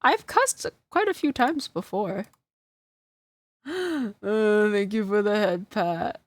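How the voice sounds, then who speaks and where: A woman's voice: medium pitch, lively intonation, takes it slowly, dry recording. A woman streamer chatting casually to her live chat, flustered and self-deprecating, often breaking into laughter. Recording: dry close sound.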